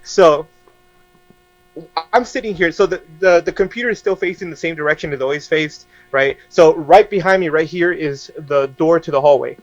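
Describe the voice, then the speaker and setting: A young man telling a story casually as a podcast guest, animated and laughing often as he acts out quoted dialogue. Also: on the high side, moderate pace, dry recording, lo-fi sound, soft background music.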